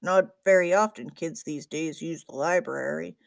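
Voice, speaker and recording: A woman voicing a grumpy older male librarian who speaks slowly and curtly. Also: sits low, dry recording, pitched below the performer's own voice. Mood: grumbling. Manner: gruff, slow and curt.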